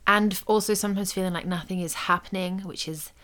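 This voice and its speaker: A woman's voice: medium pitch, steady tone, a little fast, bright, forceful tone. A woman hosting her own podcast, talking casually and reflectively about belonging in business, with small asides. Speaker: podcast host. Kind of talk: casual solo podcast talk.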